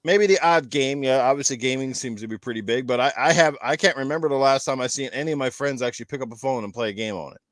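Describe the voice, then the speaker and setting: A man's voice: mid-range voice, fast talker, hardly any pauses, a bit bright, no room sound, studio quality. A Canadian man hosting a casual gaming podcast panel, rambling into joking rants. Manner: rambling, jokey ranting. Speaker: podcast host.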